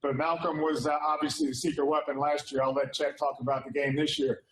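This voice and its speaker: A man's voice: fairly high pitch, flat delivery, fairly quick, echoey room, a little hiss or hum, low-quality recording. A man in his sixties, president of an alumni association, giving a casual, upbeat welcome address with frequent fillers. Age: 60s. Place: indoor hall.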